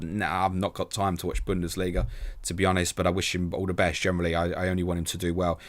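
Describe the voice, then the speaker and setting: A man's voice: low voice, flat delivery, dry recording. A man hosting a live fantasy football stream, reading out viewers' questions and answering casually, calling them mate. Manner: casual and quick, calls viewers mate, self-deprecating.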